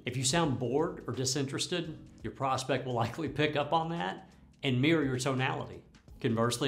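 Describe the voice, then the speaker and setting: Man, sales trainer, instructional talk, point-by-point coaching, mid-pitched voice. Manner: coaching, lays out tips point by point. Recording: faint background music.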